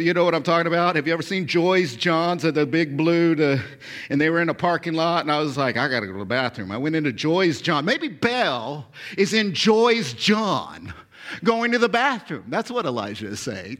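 A man in his forties preaching a sermon as pastor, swinging from loud bursts to hushed whispers. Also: a little high, lively intonation, normal speed. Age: 40s.

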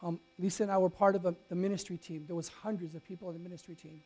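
A male pastor preaching to a congregation in a storytelling way. His voice climbs loud and bright in excited moments, then drops to a near hush, with many stumbles and restarts. A faint mains hum sits under the recording. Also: sits high, racing, breathy edge. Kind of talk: sermon.

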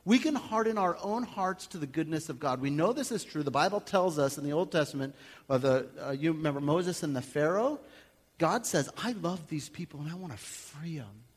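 A male pastor preaching a sermon in a conversational, animated way, acting out little everyday scenes. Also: fairly high pitch, brisk. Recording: long hall reverb.

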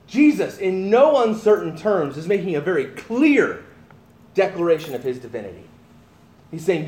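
A man teaching verse by verse from the Bible as a pastor, emphatic and animated, with frequent restarts and asides. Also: fairly high pitch, brisk, roomy sound, a little hiss or hum.

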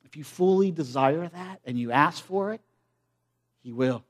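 A man preaching a sermon in an earnest, emphatic way, swinging from loud stresses to hushed lines. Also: a little high, expressive, unhurried.

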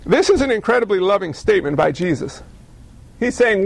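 High-pitched gravelly preacher, man. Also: fast talker. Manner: animated, rhetorical questions and jokes. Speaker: pastor. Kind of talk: sermon.

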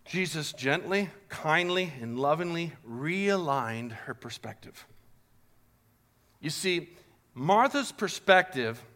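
A male preacher giving a sermon earnestly, asking rhetorical questions and moving between loud and hushed passages. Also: on the high side.

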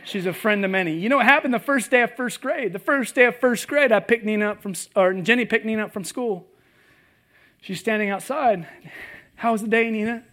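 A pastor with a notably high voice preaching to a live congregation. He tells stories with humor, dropping to a hush and then rising to loud bursts. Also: brisk. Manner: animated, humorous, swings between hushed and loud. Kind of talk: sermon with personal storytelling. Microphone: presentation with slides, live audience.

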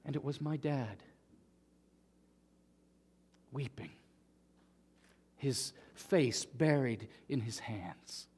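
Earnest pastor preaching in a reverberant hall. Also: male voice, medium pitch, expressive, slow, slightly rough. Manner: earnest, swings from hushed to emphatic. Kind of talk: sermon.

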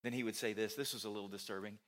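A man preaching a conversational sermon in church fires off words rapidly in a fairly low, steady, fairly bright voice. He's a pastor who asks the congregation rhetorical questions and makes jokes at his own expense.

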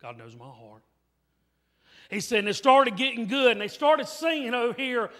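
A preacher delivers an emphatic, repetitive revival sermon in a very high, bright, forceful voice. His words ring out with the long reverb of a church hall, and soft music plays faintly underneath. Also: big pitch swings, moderate pace. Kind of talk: revival sermon with altar call. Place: church sanctuary.

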